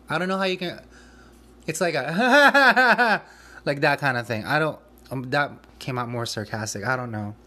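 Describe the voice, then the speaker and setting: A man's voice: mid-range voice, a bit bright. A man who manages a restaurant kitchen tells a work mishap in a casual podcast. He rambles, restarts his sentences and laughs nervously, still shaken and anxious. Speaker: restaurant back of house manager.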